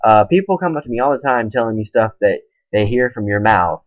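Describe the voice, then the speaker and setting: A man's voice: on the low side, animated, a little fast. A young man ranting in a webcam monologue, exasperated as he retells a quarrel with a friend through quoted back-and-forth. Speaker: webcam vlogger. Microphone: webcam microphone. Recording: dull lo-fi webcam audio.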